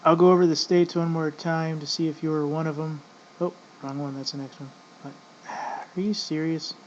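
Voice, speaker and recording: A man's voice: fairly high pitch, flat delivery, fairly quick, darkish tone. A man in casual ranting commentary, rambling and profane, often addressing "folks". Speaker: vlogger. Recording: dull lo-fi audio with faint noise.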